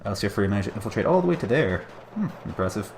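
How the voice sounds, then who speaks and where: Male caster, deep and gravelly, casual wry play-by-play for a strategy game. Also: big pitch swings, rapid-fire, slight background noise. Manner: chatty, wry, self-deprecating asides.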